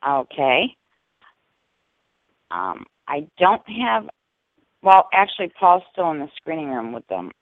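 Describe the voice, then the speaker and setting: Chill guy running the calls, bit high voice, phone-line sound. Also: wildly swooping pitch, slow pace, pauses often, no room sound. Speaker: show producer and co-host. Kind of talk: casual radio chat. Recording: tinny phone-line audio.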